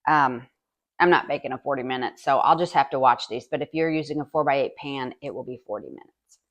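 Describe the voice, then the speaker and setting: A woman's voice: very deep voice, a little fast, muffled recording, slight background noise. A woman vlogger chatting casually in her home kitchen as she bakes and tastes, talking with her mouth full now and then. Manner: chatty and homey, talks while tasting. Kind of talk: casual cooking demonstration.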